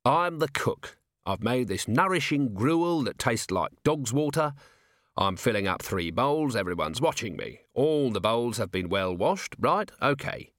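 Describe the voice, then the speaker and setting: A man voicing a sharp, driven veteran police commander in an audiobook, talking briskly and firing probing, rhetorical questions. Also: mid-range voice, very animated, no echo, studio quality. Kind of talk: audiobook character voice.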